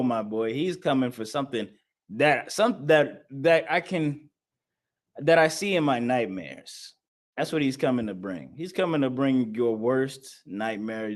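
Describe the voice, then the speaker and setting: Man, scripture class teacher. Emphatic, preachy, and repetitive, with average pitch. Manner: emphatic, repetitive, laughs between points. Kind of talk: preaching-style scripture lesson.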